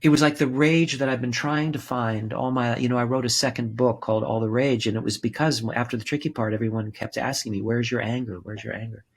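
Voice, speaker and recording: Speaking quickly with few pauses, a man in his sixties keeps a steady, mid-range tone. The author and actor, a guest on a podcast, tells his story frankly and heatedly, doubling up words for emphasis and swearing freely.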